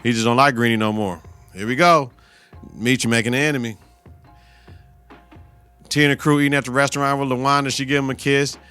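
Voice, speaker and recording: A man's voice: medium pitch, steady tone, brisk, long pauses, sharp tone, clear, resonant tone, soft background music. A man hosting a podcast, recapping a TV episode in casual, profane, slang-heavy talk and talking back at the characters. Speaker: podcast host.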